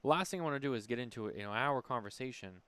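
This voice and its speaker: A man's voice: medium pitch, expressive, rapid-fire, fairly bright tone, clean tone, no room sound. A man co-hosting a podcast, chatting casually and often restarting his sentences. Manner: conversational, many restarts and fillers. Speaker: podcast co-host. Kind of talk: casual chat.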